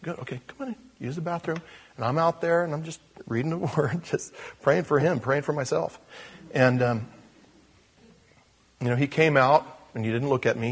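A man, a pastor, telling a story during a casual, animated sermon in a church. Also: mid-range voice, breathy edge.

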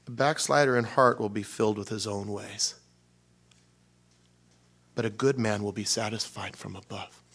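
A man with a lowish, breathy voice and vocal fry preaches at a moderate pace, pausing often. His sermon unfolds as a story, full of self-mocking humor and acted-out dialogue with large swings, easing into hushed near-whispers during prayer.

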